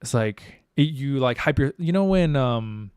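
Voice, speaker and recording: A man's voice: medium pitch, lively intonation, unhurried, darkish tone, smooth, no echo, studio quality. A man hosting a live podcast, talking candidly and reflectively in casual chat, swearing freely. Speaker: podcast host.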